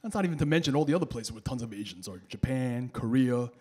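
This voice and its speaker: A man's voice: mid-range voice, fast talker, heavy background noise. A man in his thirties doing a stand-up comedy set, telling stories and acting out voices. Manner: animated storytelling, acting out voices. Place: comedy stage with laughing audience.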